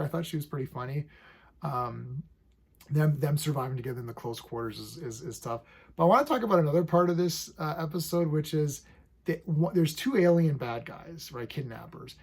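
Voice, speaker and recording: A man in his forties giving a casual, enthusiastic review of a TV episode, full of fillers and quick acted-out bits of scenes. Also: a little high, darkish tone, husky. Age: 40s. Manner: chatty and enthusiastic, lots of fillers, acts out scenes.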